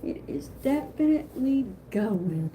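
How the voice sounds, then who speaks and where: A woman chatting on a live stream in a rambling, excitable way, greeting viewers as she talks. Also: high-pitched, a little slow, slight background noise. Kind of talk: casual live-stream chat.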